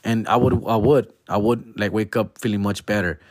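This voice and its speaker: A young man telling a story in a casual, slangy monologue, now and then breaking into loud exaggerated whines. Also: lowish voice, steady tone, moderate pace, dry recording, clean studio sound.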